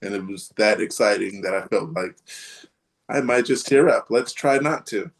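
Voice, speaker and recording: A man's voice: on the low side, moderate pace, vocal fry. A man hosting a casual live podcast chat, rambling and hesitant, with many ums and restarts. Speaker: podcast host.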